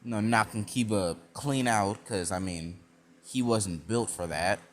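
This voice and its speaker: A man's voice: on the low side, unhurried. A young man casually narrating a fan-made story, rambling with many fillers and self-corrections.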